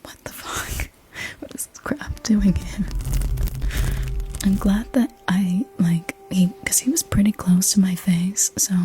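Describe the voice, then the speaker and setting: A woman's voice: lowish voice, dark tone, breathy edge. A young woman telling a personal story in a whispered ASMR voice, casual and rambling, with the odd swear word. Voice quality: unvoiced whisper. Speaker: ASMR creator.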